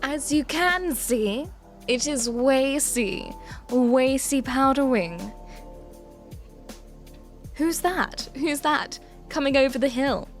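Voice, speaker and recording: A prim, self-important evil twin, as a woman streamer puts her on, full of theatrical, old-fashioned turns of phrase. Her voice sits fairly high, and she takes her time, drawing the words out slowly. She chats through a live stream with her own smug flourish. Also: expressive, faint music behind. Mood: prim, chatty. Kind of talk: live stream character chat.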